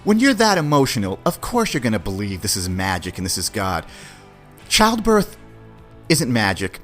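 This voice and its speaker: Man, low voice, lively swings in pitch, blunt podcast host, slang and cussing, faint music underneath. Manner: blunt and opinionated, with casual slang and swearing; acts out little dialogues with put-on quick voices. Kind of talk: solo podcast monologue.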